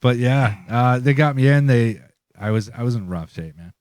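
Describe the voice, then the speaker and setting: A man's voice: medium pitch, lively intonation, normal speed, darkish tone, dry recording. A man, co-host of a casual podcast, telling a loose, profane story with frequent laughs. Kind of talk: casual chat.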